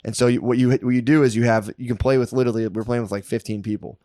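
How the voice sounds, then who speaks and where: A man co-hosting a comedy podcast. He tells a rambling party story in a loose, animated way, says "dude" a lot, and breaks into loud bursts when he acts out what happened. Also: mid-range voice, racing, dry recording, clean studio sound. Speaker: podcast co-host.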